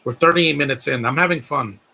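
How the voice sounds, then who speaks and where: Gravelly, gushing male live streamer. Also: on the high side, brisk, bright, forceful tone. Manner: gushing, rambling, talks to chat. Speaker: live streamer reacting to a film. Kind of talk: casual live-stream commentary.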